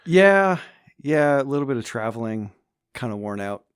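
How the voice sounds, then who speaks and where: A man's voice: medium pitch, very animated, moderate pace, smooth, dry recording, clean studio sound. A man as a podcast guest in casual chat, easygoing, with lots of fillers and trailing yeahs.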